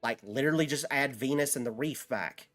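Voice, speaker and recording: A male game streamer talks in a loose, rambling way at a middle pitch, cursing freely and answering chat. Game music plays faintly underneath. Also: a little fast, fairly bright tone. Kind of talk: casual live-stream chat while gaming.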